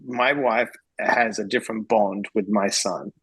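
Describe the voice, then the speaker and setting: A middle-aged man from Western Australia, an interventionist guest telling blunt, animated stories in a casual interview. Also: unhurried, husky, no room sound, rough recording. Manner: blunt, animated, swings pitch when quoting himself.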